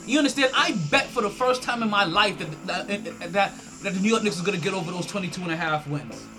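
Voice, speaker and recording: A man hosting a casual sports podcast solo, talking in an animated way with many restarts, swearing and laughing when excited. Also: high voice, fast, over music. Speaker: podcast host.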